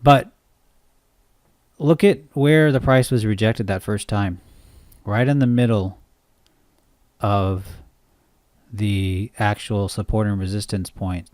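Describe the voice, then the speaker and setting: A man's voice: fairly low pitch, slow, long pauses, a little mellow, dry recording, clean studio sound. A man coaching trading in an unscripted screen-share tutorial, rambling and interrupting himself, often checking in with "right?". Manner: rambling, self-interrupting, asks listeners "right?".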